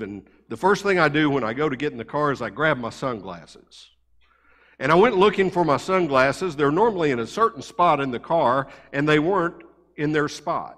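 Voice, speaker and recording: Male pastor, slightly high voice, chatty story-led preaching, lingering church reverb. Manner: conversational, animated anecdotes. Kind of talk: sermon storytelling. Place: church sanctuary.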